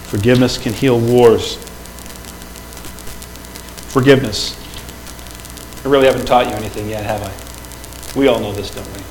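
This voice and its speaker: A middle-aged pastor preaching a sermon in church, conversational and often asking the congregation questions. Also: male voice, mid-range voice, darkish tone, rough recording. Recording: faint background noise.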